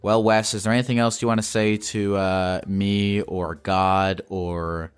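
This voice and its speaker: A low-pitched young man chats with callers in a loose, rambling way, mocking himself and leaping up in pitch when something excites him. There is faint music under his voice. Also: measured pace, smooth. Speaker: podcast host taking calls. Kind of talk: casual call-in chat.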